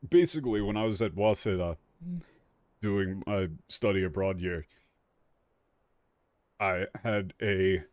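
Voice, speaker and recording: A tired young man giving animated, joking let's-play commentary as a streamer, swearing freely. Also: lowish voice, no room sound. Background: faint game music.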